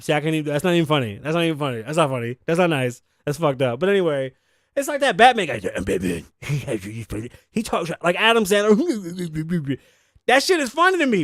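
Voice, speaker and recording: A man's voice: on the high side, dry recording, studio quality. A man hosting a comedy talk show, rambling and swearing freely as he riffs on movies, shopping and news. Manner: profane, rambling, jokey. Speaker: host. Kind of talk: casual comedic commentary show.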